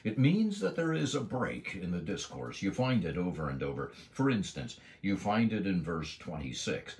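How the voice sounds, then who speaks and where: A man's voice: low-pitched, sing-song, moderate pace, darkish tone. A man giving an earnest devotional Bible lesson, stressing key words with emphasis. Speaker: Bible teacher.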